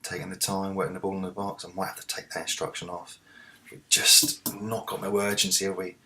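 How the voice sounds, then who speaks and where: Low-voiced male gamer, narrates the match play by play and yells at his team. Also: fairly quick. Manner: talks to the players, swings from muttering to excited shouts. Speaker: let's play host. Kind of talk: live game commentary.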